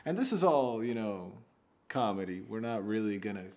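A man's voice: fairly low pitch, big pitch swings, normal speed, very noisy. A man co-hosting a casual podcast, talking in a dry, hesitant way that stammers through restarts. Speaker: podcast co-host.

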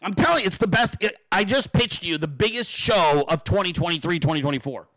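A man hosting his show, swearing constantly and pitching ideas in an excited, rapid-fire comedic rant. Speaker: show host.

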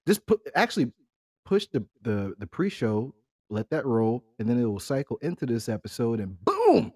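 A man's voice: medium pitch, expressive, normal speed, a little mellow, slightly rough, no room sound, clean studio sound. A middle-aged man co-hosting a casual family podcast, talking in a laid-back, rambling way and laughing often. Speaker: podcast co-host.

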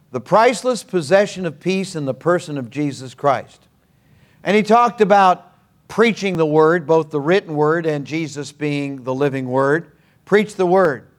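An older male pastor delivers a sermon in a folksy, earnest manner. He drops humorous asides between points. His voice sits slightly high for a man.

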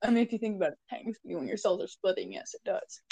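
A woman co-hosting a casual podcast, joking about herself and breaking into loud outbursts. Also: mid-range voice, lively intonation, rapid-fire, gravelly, husky, no echo. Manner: jokey and self-deprecating, prone to loud outbursts. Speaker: podcast co-host. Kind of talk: casual comedic chat.

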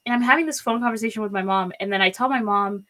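A woman's voice: mid-range voice, rapid-fire, pushed and bright. A young woman telling a personal story in casual chat, rambling with lots of fillers and acting out quotes. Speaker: storyteller guest.

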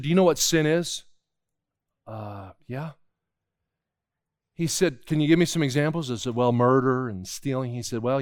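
A man's voice: on the high side, no echo, studio quality. A middle-aged man preaching a sermon, telling a childhood story and acting out the dialogue.

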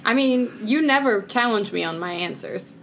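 A woman's voice: a little high, animated, a bit bright, slight background noise. A woman co-hosting a podcast, leading a word game in a playful, laughing way. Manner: playful, quick to laugh, bossy game-leader tone. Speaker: podcast co-host. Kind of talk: casual chat over a word game.

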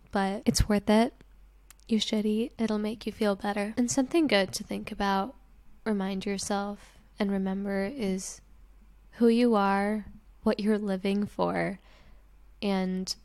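Young female host, gentle and reassuring, personal advice talk, middle pitch. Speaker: podcast host.

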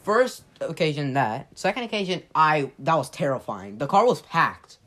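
A man's voice: on the high side, sing-song, moderate pace, a bit bright. A young man chatting casually, telling rambling, exaggerated stories. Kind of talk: casual chat.

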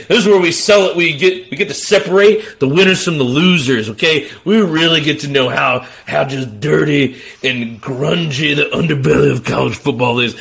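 A man hosting a sports talk podcast, hyped and theatrical, breaking into shouts. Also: a little high, normal speed, gravelly. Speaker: podcast host.

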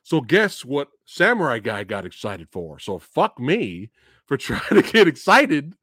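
A man hosting a casual livestream movie review, excitable and profane, often bursting into high laughter. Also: a little slow, no room sound, clean studio sound. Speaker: podcast host.

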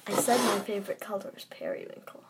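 Goofy giggling young woman, lively pitch. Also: quick pace, heavy background noise. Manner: goofy, giggly, answers with random words. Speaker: co-host of a video, the sister. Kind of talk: silly casual chat with whispered ASMR bits. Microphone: close mic.

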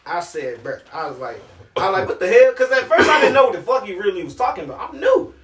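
A man's voice: high voice, sing-song, fast talker, a bit bright. A man telling a profane story in casual chat, animatedly acting out the voices of the people in it. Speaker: podcast co-host telling a work story. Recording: echoey room, distant mic.

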